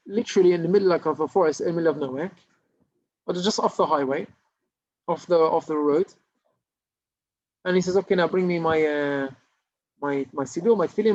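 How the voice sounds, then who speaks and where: A man's voice: fairly high pitch, a little mellow. A man, a rabbi, telling a story in an informal Torah class, with many restarts and Hebrew terms. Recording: dull lo-fi recording.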